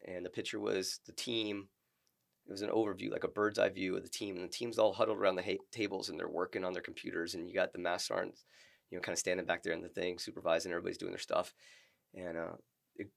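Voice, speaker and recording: Gravelly low-voiced middle-aged man. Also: flat delivery. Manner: halting, earnest, many restarts and fillers. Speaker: podcast guest, retired Marine. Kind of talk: casual interview storytelling.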